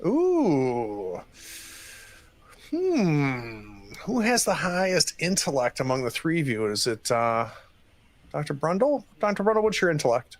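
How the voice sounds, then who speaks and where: A man narrating as game master, relaxed and hesitant with many fillers. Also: fairly high pitch, a little slow.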